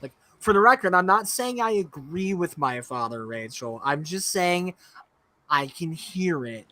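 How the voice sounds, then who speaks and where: Bright, joking man on a podcast. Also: sits high, unhurried, no echo. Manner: joking, profane, excitable. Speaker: podcast co-host. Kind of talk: casual chat on a livestream.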